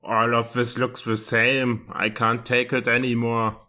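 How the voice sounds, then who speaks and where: A man's voice: mid-range voice, flat delivery, a little slow, bright, forceful tone, pitched below the performer's own voice. Man doing a sulky young exiled prince.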